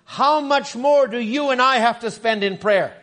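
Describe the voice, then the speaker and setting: A middle-aged man preaching a sermon in a high voice. He stumbles and repeats himself as he starts sentences, then builds his points up into shouted lines. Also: normal speed. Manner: stammering restarts, rising to shouts.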